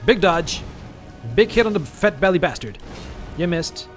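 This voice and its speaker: A male gaming streamer giving live commentary over a boss fight, chatty and quick to swear or yelp when hit. His voice sits a little high for a man. Faint game music runs underneath. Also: animated. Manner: chatty, swears, yelps at hits.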